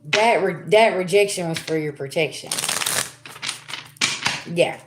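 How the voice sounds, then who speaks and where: A woman's voice: fairly low pitch, measured pace, noisy background. A middle-aged woman giving a casual spiritual reading to her viewers, talking to them as y'all in a chatty, laughing way. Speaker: spiritual reader. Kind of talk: casual tarot reading livestream.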